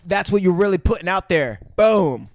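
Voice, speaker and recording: A man's voice: high-pitched, lively intonation, moderate pace, dry recording. A man co-hosting a podcast, chiming in animatedly and laughing often during a casual movie recap. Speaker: podcast co-host.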